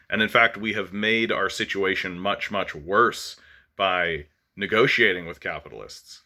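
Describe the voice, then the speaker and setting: Forceful low-voiced man ranting. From Canada. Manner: forceful, impassioned, with many fillers and restarts. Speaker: channel host. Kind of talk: political monologue vlog.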